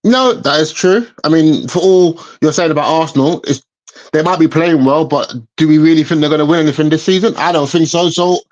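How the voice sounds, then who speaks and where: A man's voice: fairly high pitch, brisk, a little mellow, lo-fi sound. A man, a guest in a football debate, hesitant and restarting his sentences.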